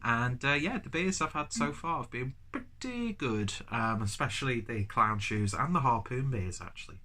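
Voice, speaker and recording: A man's voice: mid-range voice, animated, moderate pace, sharp tone. A man with a cold and a stuffy nose, reviewing a beer in a rambling, chatty, self-deprecating way. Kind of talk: casual review vlog.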